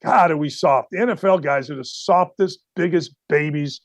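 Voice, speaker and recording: Middle-aged guy ranting on a sports show, high-pitched and fed up, super dry studio mic. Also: normal speed, no room sound. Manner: loud, exasperated, blunt ranting. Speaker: sports talk show host. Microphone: studio mic facing camera.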